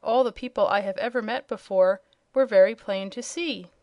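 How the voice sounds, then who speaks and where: A woman's voice: medium pitch, normal speed, no room sound, dull audio, close to an everyday voice. A woman voicing a kindly, puzzled old male wizard in a children's storybook reading. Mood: polite.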